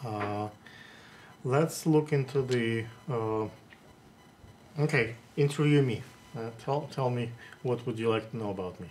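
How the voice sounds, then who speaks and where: A man who hosts interviews, talking in a casual, halting way, full of hesitations and restarts. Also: medium pitch, a little mellow, a little hiss or hum. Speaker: interviewer host.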